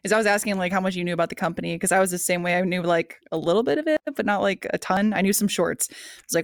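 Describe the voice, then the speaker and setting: A woman's voice: on the low side, rapid-fire, no echo. A woman on a podcast, telling stories and teasing the others in casual chat. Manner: storytelling, teasing. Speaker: podcast regular.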